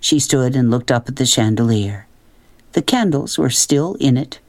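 A man narrating a children's storybook, gentle and expressive. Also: medium pitch, moderate pace, no echo. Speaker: audiobook narrator.

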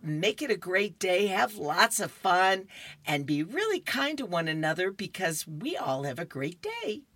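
A woman's voice: mid-range voice, fairly bright tone, no room sound. A woman reading horoscopes and comics aloud for a radio reading service, with cheerful chatty asides.

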